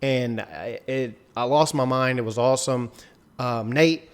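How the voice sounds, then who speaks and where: A man co-hosting a casual recap chat, telling the story in an excitable, animated way. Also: medium pitch, fairly quick. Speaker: podcast co-host.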